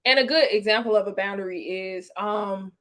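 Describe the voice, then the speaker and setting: A woman co-hosting a casual podcast, talking through tips in a lively, informal way and laughing often. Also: mid-range voice, fairly quick. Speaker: podcast co-host.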